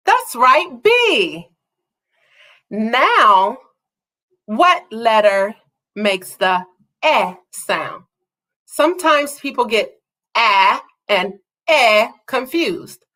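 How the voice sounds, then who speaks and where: Slow, bright-voiced woman teaching phonics. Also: mid-range voice. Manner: slow, drawn-out and encouraging, praising each answer. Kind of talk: online phonics lesson for young children.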